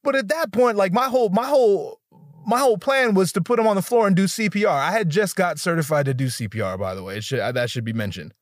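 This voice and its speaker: Animated profane man telling a story. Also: sits high, fast talker, no room sound, studio quality. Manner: animated, profane, acts out quotes in shifting voices. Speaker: stand-up comedian. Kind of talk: stand-up storytelling.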